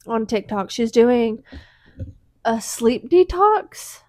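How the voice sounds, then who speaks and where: A woman co-hosting a podcast in relaxed casual chat, with a slightly high voice and an unhurried, slow delivery. She backs up her co-host often, and the recording is dry and close. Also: no echo. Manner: relaxed, supportive with frequent backchannel.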